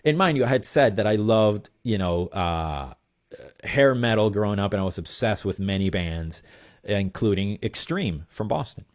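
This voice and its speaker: Guy with a lowish voice rambling through a story in an interview, lots of ums and blah blah. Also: normal speed. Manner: animated, rambling, lots of fillers. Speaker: guest musician.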